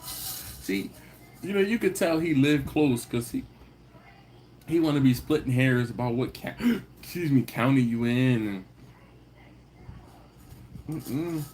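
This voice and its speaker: A man's voice: lively intonation, takes it slowly, pauses often, a little mellow, slight background noise. Laughing man chatting live. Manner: storytelling, laughs often, acts out quoted people in a higher voice. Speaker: host of a live barbecue channel stream. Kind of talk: casual live-stream chat with viewers.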